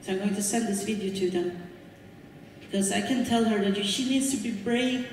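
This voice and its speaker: A woman with a Swedish accent, a native Swedish speaker, giving a conference lecture in an earnest manner, often pausing to search for words. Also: mid-range voice, a little mellow, a little hiss or hum. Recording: echoey hall from far off.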